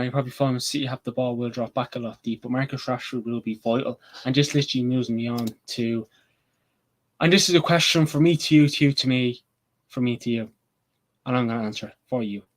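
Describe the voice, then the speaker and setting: Rambling, excitable football fan man. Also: medium pitch. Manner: rambling, excitable, swears casually. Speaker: football channel host. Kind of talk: casual match preview chat.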